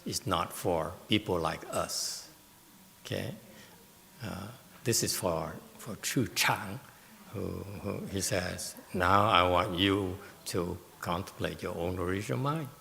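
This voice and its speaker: Slow, gravelly male Buddhist teacher lecturing in a reverberant hall; deliberate, emphatic delivery. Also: low voice, a bit bright. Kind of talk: Dharma lecture with questions. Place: meditation hall.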